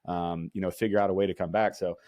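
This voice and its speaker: A man's voice: low voice, flat delivery, fast talker, darkish tone, no room sound, clean studio sound. A man hosting a podcast, talking earnestly and emphatically to encourage his guest. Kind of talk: casual chat.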